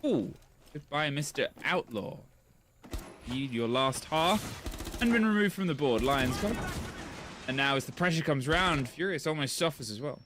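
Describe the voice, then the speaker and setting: A man giving color commentary on an esports match, chatty and relaxed between rounds. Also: fairly high pitch, a little slow, noisy background.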